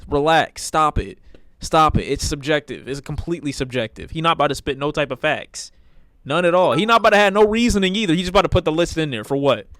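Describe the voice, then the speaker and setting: A man's voice: a little high, animated, fast talker, a bit bright, a little hiss or hum. A man streaming live, reacting to videos with blunt, profane, rambling commentary in a casual way.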